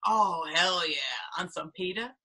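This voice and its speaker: Bright, giggly young woman podcast host. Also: on the low side, expressive, slow pace, slightly rough. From North Carolina. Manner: giggly, playful. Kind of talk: casual chat.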